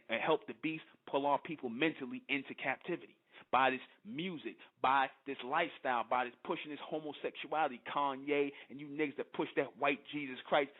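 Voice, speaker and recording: A man hosting a show and preaching Bible commentary, mixing old scripture with blunt slang and asking again and again whether his listeners understand. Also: mid-range voice. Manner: preachy, repeatedly asks "you understand?"; mixes King James verses with blunt slang. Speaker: show host. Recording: tinny phone-like audio.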